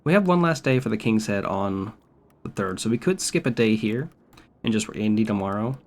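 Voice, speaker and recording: A man's voice: lowish voice, animated, moderate pace. A man streaming a video game, talking casually with wry, profane remarks. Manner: profane, wry and laid-back. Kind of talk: casual gameplay commentary.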